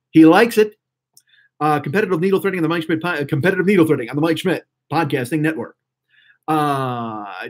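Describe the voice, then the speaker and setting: A man in his forties hosting a live stream, chatting casually and rambling profanely to viewers in the chat. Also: fairly high pitch. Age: 40s.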